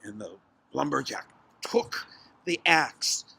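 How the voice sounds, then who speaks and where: A man telling a children's story aloud in an animated way, with restarts and dramatic pauses. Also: mid-range voice, gravelly, husky.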